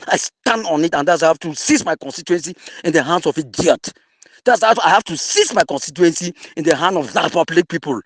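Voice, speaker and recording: A man with a Cameroonian English accent mixing in Pidgin, angrily insulting an opponent in an online audio debate. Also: high voice. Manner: angry, insulting, mocking.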